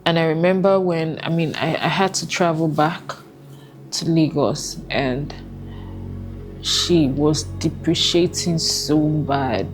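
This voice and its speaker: A Nigerian woman giving a personal testimony, speaking haltingly with emotional pauses. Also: sits low, fairly even intonation, soft background music. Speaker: testimony guest.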